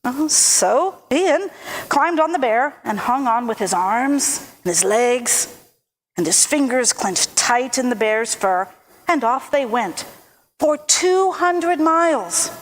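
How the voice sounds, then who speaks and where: Woman telling a folk tale at church, slow and expressive, a bit high. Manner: lively, expressive, slow storytelling. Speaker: storyteller at church service.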